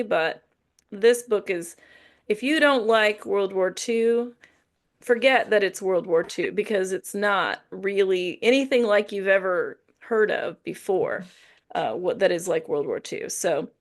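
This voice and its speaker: A chatty woman co-hosting a book podcast in a rambling, easygoing way. Her voice carries a noticeable gravelly fry at a middle pitch. She circles back and corrects herself as she talks. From Indiana, USA. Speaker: podcast co-host. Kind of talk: casual book-review chat.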